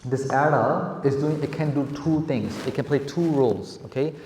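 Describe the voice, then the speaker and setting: A man's voice: medium pitch, moderate pace, darkish tone. Young male teacher, keeps asking "okay?", reverberant hall sound. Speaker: seminar teacher. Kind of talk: classroom vocabulary lesson. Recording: echoey room with long reverb.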